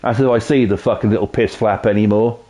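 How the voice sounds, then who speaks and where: A man's voice: lowish voice, steady tone, fast talker, warm tone. A man with a Norfolk accent streaming a game and telling a long, profane story in casual, rambling chat. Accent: Norfolk English.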